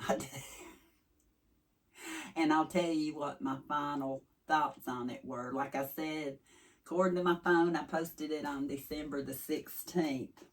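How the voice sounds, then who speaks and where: Her voice is low-pitched and steady, with a measured pace, as she chats casually to her viewers. She's a Southern-accented vlogger from East Tennessee whose folksy, chatty talk tends to wander, recorded slightly distant from the mic.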